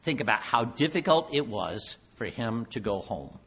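A man preaching a sermon, posing rhetorical questions and slowing down to stress key words. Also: medium pitch, very animated, fairly bright tone, breathy edge. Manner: rhetorical questions, slows down for emphasis.

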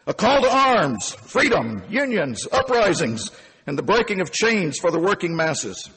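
A man in his fifties telling a first-person story, animated and emphatic. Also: high voice, unhurried, big-room sound, a little hiss or hum. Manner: animated and emphatic, with punchy phrasing.

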